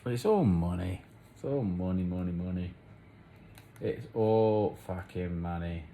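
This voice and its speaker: A man's voice: sits low, a little slow, warm tone, a little hiss or hum. A man rambling on in a casual, self-mocking monologue to camera, swearing freely. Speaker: vlogger.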